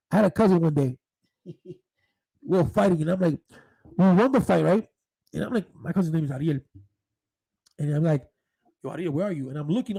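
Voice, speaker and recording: A man telling profane street stories in a casual, animated monologue, full of restarts. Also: high voice, creaky, breathy edge, rough recording. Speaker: podcast host.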